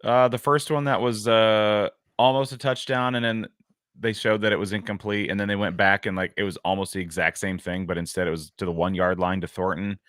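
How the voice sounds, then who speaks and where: A man's voice: lowish voice, fairly even intonation, brisk, a bit bright, dry recording, studio quality. A man co-hosting a sports podcast, musing wryly with lots of hesitations in casual chat. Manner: rambling, hesitant, wry. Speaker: podcast co-host.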